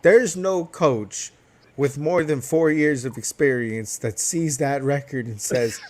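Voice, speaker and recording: A man hosting a sports podcast, loud and profane, ranting in casual chat. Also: fairly high pitch, sing-song, unhurried.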